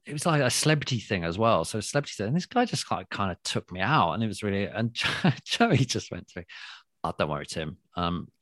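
A man with a rambling, lively storytelling manner, often laughing and restarting as a guest. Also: on the low side, quick pace, few pauses, no echo, clean studio sound. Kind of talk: anecdotal storytelling.

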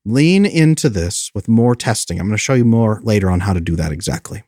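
A man coaching viewers on friendship in an emphatic, lively way, often acting out the lines he quotes. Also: lowish voice, a little fast, dry recording, clean studio sound. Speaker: attachment coach. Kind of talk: motivational talk to viewers.

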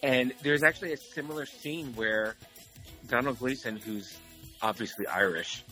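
A man's voice: mid-range voice, moderate pace, pushed and bright, faint music behind, low-quality recording. A man co-hosting a movie podcast, chatting casually and rambling with lots of fillers. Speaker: podcast co-host. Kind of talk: casual chat.

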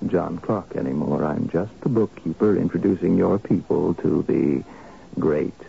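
A man playing a calm, measured business adviser in a 1970s radio drama, on a dull lo-fi broadcast recording. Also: sits low, creaky, husky, exaggerated voice. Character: calm male business oracle.

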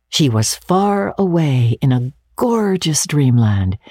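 Expressive, husky woman narrator. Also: extremely low pitch, dry recording, clean studio sound. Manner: expressive, storytelling delivery. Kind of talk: dramatic reading of a classic novel.

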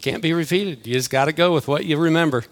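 An older man, a church elder, warms up a Sunday crowd in a relaxed, joking way, calling out to the kids and chatting as he goes. His voice sits a little high for a man, and he speaks into a mic in a church hall. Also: fast talker. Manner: playful, chatty, addresses the crowd directly. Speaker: church elder leading a children's game. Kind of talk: sermon opener with audience interaction. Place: church auditorium.

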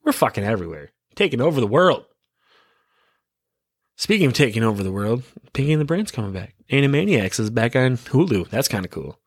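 A man's voice: medium pitch, very animated, fairly quick, dry recording, clean studio sound. A man in his thirties hosting a podcast, rambling casually in a laid-back, giggly, stoned way. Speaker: podcast host.

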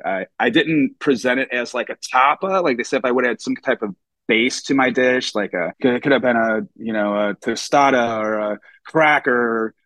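A man's voice: fairly low pitch, fairly bright tone, dry recording. A young adult man, a chef from the United States, telling stories casually in an interview, full of fillers and acting out quoted voices. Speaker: chef, podcast guest.

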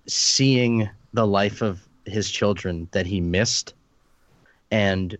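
A man in a casual film discussion, speaking in a measured, reflective way. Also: on the low side, no echo, lo-fi sound.

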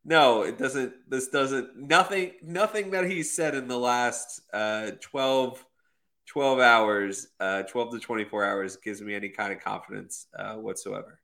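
A man co-hosting a casual sports podcast, speaking in an exasperated, sarcastic way with halting restarts. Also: mid-range voice, gravelly, fairly bright tone. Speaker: podcast co-host.

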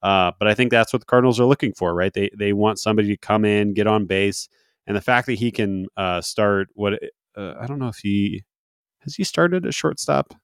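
A man's voice: fairly low pitch, fairly quick, clear, resonant tone, no room sound, studio quality. A man co-hosting a sports podcast, talking in a rambling way with many fillers and restarts. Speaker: podcast co-host. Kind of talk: casual sports chat.

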